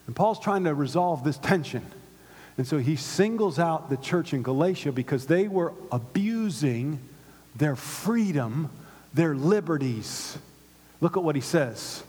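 A man preaching a sermon to his church, with call-and-response and swings from hushed to loud. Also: on the high side, lively intonation, normal speed, slightly rough. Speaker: pastor. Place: synagogue hall used by a church. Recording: long reverb of a large hall.

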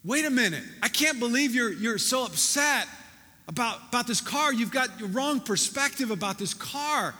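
A man's voice: very high-pitched, animated, normal speed, sharp tone, pitched above the performer's own voice, full character voice. A man voicing a blunt street cop, speaking in an emphatic, matter-of-fact way in a church sermon. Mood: incredulous. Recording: reverberant church hall.

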